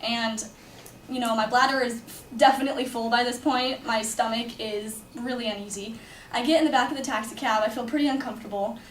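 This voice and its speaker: A woman's voice: a little high, fairly even intonation, brisk, fairly bright tone, recorded from a distance, slight background noise. A young woman from California telling a personal story in a chatty way, with lots of "like" fillers. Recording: echoey room, speaker away from mic, faint ambience.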